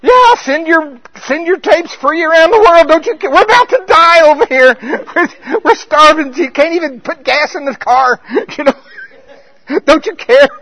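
A man acting out panicked, starving disciples at sea, shouting their frantic complaints. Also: extremely high pitch, animated, a little slow, dry recording, voice pushed up, heavily acted, rough recording.

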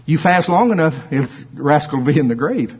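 In a sermon, a middle-aged preacher tells stories playfully and with animation, acting out different voices. He talks fairly quickly in a husky voice pitched a little high, and the highs are cut off.

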